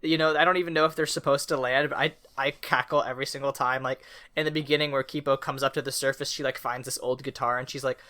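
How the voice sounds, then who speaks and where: A man's voice: medium pitch, fairly even intonation, fast talker, pushed and bright. A man co-hosting a casual podcast, rambling with lots of fillers and restarts. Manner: rambling, many fillers and restarts, laughs often. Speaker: podcast co-host. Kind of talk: casual chat.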